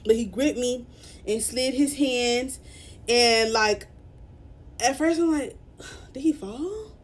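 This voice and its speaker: A young woman with a fairly high voice tells a storytime vlog into her phone camera. She speaks in a halting, upset way, full of fillers and restarts, and sounds near tears. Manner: tearful at moments. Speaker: vlogger.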